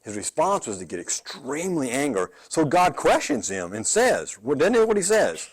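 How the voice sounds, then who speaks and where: A male pastor leads a Bible study in a casual, back-and-forth way. He keeps asking his listeners "right?" and doubles back on his words. His slightly high voice swings widely in pitch. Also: very animated, fairly quick, few pauses, husky. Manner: conversational, asks the group questions like "right?"; repeats words as he goes. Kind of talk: midweek Bible study teaching.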